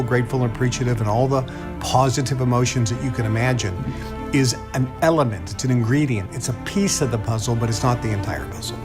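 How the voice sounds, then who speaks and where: A middle-aged man of middle pitch delivers a motivational teaching talk. He speaks emphatically and acts out quoted self-talk in a higher, louder voice, over faint music. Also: husky. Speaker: teacher of a book study.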